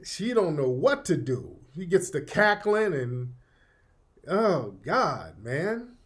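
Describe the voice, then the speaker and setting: Dude reacting to a clip, slow drawl, kinda high voice, mocking. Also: male voice, very animated. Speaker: commentator. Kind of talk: casual reaction commentary.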